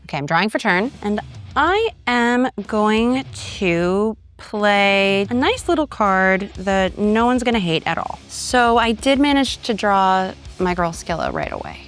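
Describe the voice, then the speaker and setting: A woman's voice: medium pitch, wildly swooping pitch, normal speed, hardly any pauses, soft background music. A young woman playing a card game as the guest, playful and teasing in casual banter. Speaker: guest player.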